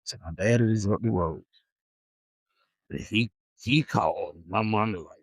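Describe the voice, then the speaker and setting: A young man on his podcast tells a story from when he was a kid, animated and slangy, going over the same points repeatedly. His fairly low voice keeps a moderate pace with frequent pauses, on a rough recording with no room sound.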